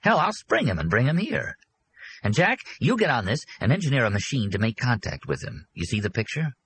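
A man voicing a pushy, excitable middle-aged businessman who talks impatiently and blurts out his ideas in an audiobook. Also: fairly low pitch, brisk, a little hiss or hum, pitched above the performer's own voice.

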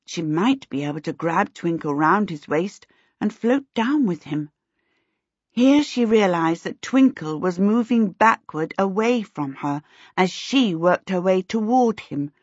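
A woman narrating a storybook in steady, measured scripted narration, in a dull lo-fi recording. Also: medium pitch, breathy edge, dry recording. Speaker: audiobook narrator.

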